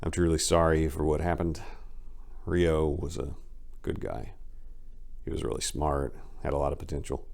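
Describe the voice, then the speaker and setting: A man voicing a smooth-talking man in a sharp suit who speaks softly and earnestly. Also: fairly even intonation, moderate pace, pauses often. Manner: soft, low, earnest.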